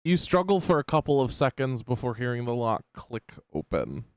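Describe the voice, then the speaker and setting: Male game master with a smooth, dry voice. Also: mid-range voice, no echo. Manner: relaxed, halting narration with fillers. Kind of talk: narrating a tabletop game.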